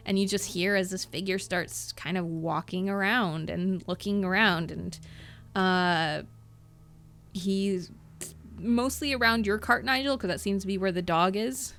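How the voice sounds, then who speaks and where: A woman's voice: mid-range voice, fairly even intonation, a little slow, fairly bright tone, faint music behind. A woman narrating a tabletop game as game master, rambling through her descriptions with many fillers.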